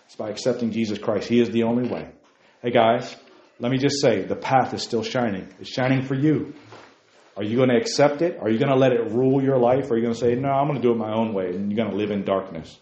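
A man's voice: medium pitch, mellow, dull audio. Fervent man preaching in an echoey room. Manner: fervent, emphatic, repeats key phrases; admits he preaches fast. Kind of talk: sermon to a youth group. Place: meeting room.

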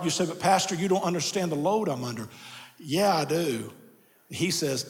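Pastor preaching in a reverberant sanctuary. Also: male voice, on the high side, animated, moderate pace. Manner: builds from quiet storytelling to shouted preaching. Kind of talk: sermon. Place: church sanctuary.

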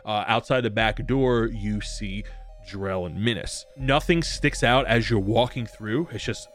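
A man's voice: lowish voice, a little slow, a bit bright, faint music behind. A man narrating a tabletop role-playing game as game master, playfully voicing the people the players meet. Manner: playful, voices many characters.

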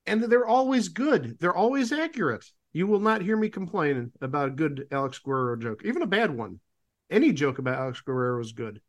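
A man's voice: on the high side, very animated, fairly quick. A man with a slightly raised voice chats casually as a podcast co-host. He is opinionated and drops sarcastic asides.

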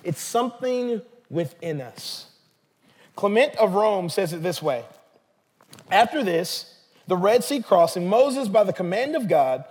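Man, pastor, sermon, high voice, long hall reverb. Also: a little mellow, breathy edge. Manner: conversational, emphatic preaching.

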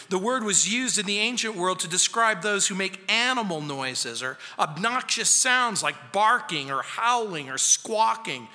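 A male pastor preaching a verse-by-verse sermon in an emphatic way, speeding up and slowing down for effect. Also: high-pitched, expressive, pushed and bright. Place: church sanctuary. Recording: long reverb of a church sanctuary.

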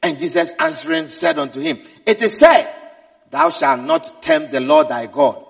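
A man preaching a sermon, swinging from quiet asides to shouted exhortations. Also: very high-pitched, very animated, normal speed, vocal fry. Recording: echoey hall, mic at a distance.

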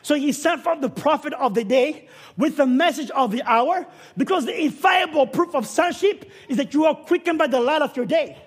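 A man preaching a sermon, with dramatic swings that build up to shouting. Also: very high-pitched, animated, moderate pace.

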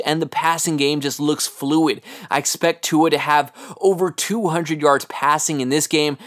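A man hosting a solo sports podcast, giving an earnest, analytical game preview and talking to his listeners as guys. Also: medium pitch. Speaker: podcast host.

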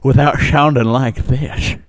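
An unhurried man with a medium-pitched voice, heard in clean, echo-free studio sound, co-hosts a podcast. In casual chat he tells a funny story animatedly, acting out what people said and laughing often.

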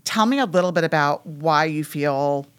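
A woman's voice: deep voice, normal speed, clear, resonant tone. A woman in her fifties hosting a casual interview, chatty and agreeing, full of "like" and "you know.". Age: 50s. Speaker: podcast host.

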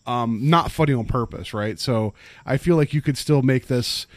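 A man's voice: mid-range voice, normal speed, no room sound. A man co-hosting a podcast, chatting casually about movies in a rambling way full of fillers. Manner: rambling, many fillers and restarts. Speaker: podcast co-host.

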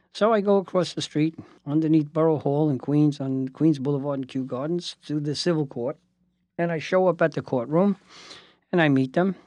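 Man, lawyer, lively storyteller, slightly high voice, dry close sound. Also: dry recording. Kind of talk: spoken anecdote.

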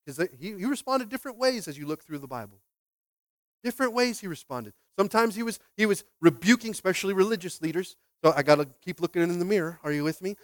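A man with a high voice preaches with swings from hushed asides to loud, emphatic bursts. He keeps asking the congregation questions and often repeats words as he restarts. The sound is dry and close. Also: dry recording. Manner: lively preaching with call-and-response questions. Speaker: pastor. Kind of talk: sermon.

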